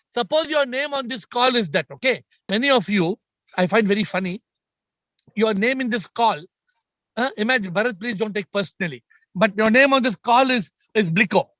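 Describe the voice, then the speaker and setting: A spiritual teacher with a very high-pitched, fairly bright voice speaks emphatically on a group video call, with no echo. He repeats his points and addresses his listeners directly.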